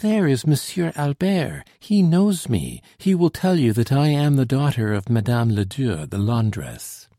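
A man voicing a frightened, quick-witted young woman who pleads politely with soldiers, in a trembling manner. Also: mid-range voice, very animated, dark tone, no room sound, clean studio sound, voice pushed up. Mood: pleading.

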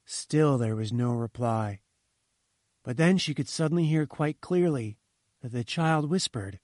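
Man narrating a story, measured pace. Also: mid-range voice, no echo, clean studio sound. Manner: measured, slowing to a hush at grim moments.

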